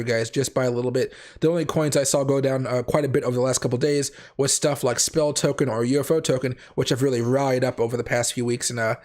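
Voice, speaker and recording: A man hosting a casual trading livestream, raspy from a cold, rambling and correcting himself as he goes. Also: medium pitch, a little mellow. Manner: rambling, self-correcting, chatty. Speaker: crypto trading livestream host.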